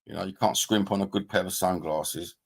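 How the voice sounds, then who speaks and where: A man's voice: sits low, fairly even intonation, a little fast, creaky. A man, chatting casually on a livestream and reading out viewer comments. He rambles bluntly, swears freely and calls people mate and bruv. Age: 50s. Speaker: livestream host.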